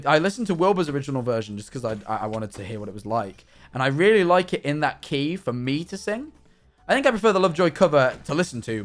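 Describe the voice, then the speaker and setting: A man live streaming while he plays a game, talking in a rambling, chatty way with many restarts and fillers. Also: medium pitch. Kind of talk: casual chat while playing a game.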